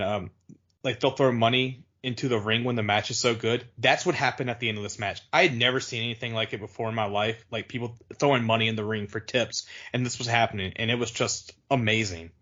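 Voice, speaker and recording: A man's voice: mid-range voice, fairly bright tone. A man co-hosting a podcast, chatting casually and rambling with lots of "like" and restarts. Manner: rambling, heavy use of "like", restarts. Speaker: podcast co-host. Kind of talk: casual chat. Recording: dull lo-fi audio.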